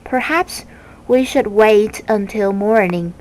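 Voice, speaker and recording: A woman's voice: mid-range voice, slow, darkish tone, lightly acted, rough recording. A woman reading a timid, flustered young boy. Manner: timid, hesitant. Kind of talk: storybook reading.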